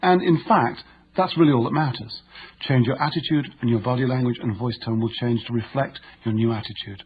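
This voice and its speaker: A man narrating a nonfiction audiobook in a measured, instructive way. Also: mid-range voice, dull audio, a little hiss or hum.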